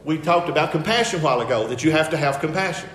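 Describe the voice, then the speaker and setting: A man preaching from the pulpit with a fairly high voice, hammering his points home by repeating them and swinging from quiet asides to loud declarations. The sound rings around an echoey sanctuary with a long tail, and faint room ambience sits underneath. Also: lively intonation, very fast, a little hiss or hum. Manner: emphatic, repeats key phrases, swings between soft asides and loud declarations. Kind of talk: sermon with picture slides.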